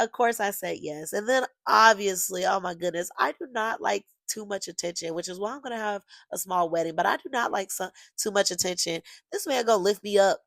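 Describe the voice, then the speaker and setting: A young woman hosting her own podcast, telling a personal story in a lively, gushing way and talking straight to her listeners. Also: mid-range voice, no room sound. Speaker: podcast host. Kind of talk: casual storytelling monologue.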